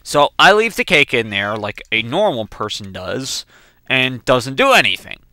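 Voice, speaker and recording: Lively, bright-voiced young man telling stories. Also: medium pitch, a little slow, no echo. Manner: animated, profane, rambling anecdotes. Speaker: let's play gamer. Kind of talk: casual storytelling while gaming.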